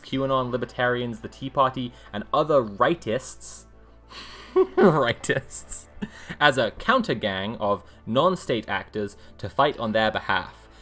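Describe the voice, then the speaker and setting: A woman's voice: rumbling low, fairly bright tone. A woman live-streaming, reading a book aloud and breaking off into sarcastic, rambling commentary. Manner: sarcastic, rambling asides between read passages.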